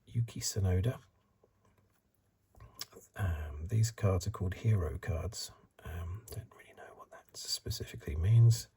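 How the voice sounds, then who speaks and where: Middle-aged male ASMR host, soft-spoken, low-pitched, very husky and breathy, close mic. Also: measured pace. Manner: soft-spoken, drifts into whispers, rambling asides.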